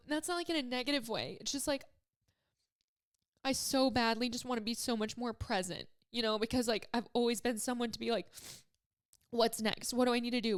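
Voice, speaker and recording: A woman in her twenties hosting a solo podcast, talking casually and emotionally, choked up and rambling with many fillers. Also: on the high side. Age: 20s. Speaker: podcast host.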